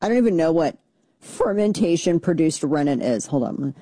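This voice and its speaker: A woman's voice: sits low, lively intonation, normal speed, mellow, no room sound. Sarcastic rambling woman commentator. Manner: rambling, sarcastic, full of fillers and asides. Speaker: commentary show host. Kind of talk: casual opinion commentary.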